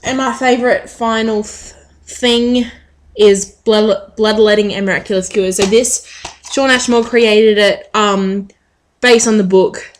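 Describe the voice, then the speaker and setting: A woman talking casually to her camera. She rambles from one thing to the next, filling pauses with plenty of ums, at an ordinary pitch for a woman. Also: fairly even intonation, a little hiss or hum. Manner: chatty, rambling, frequent ums. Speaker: vlogger.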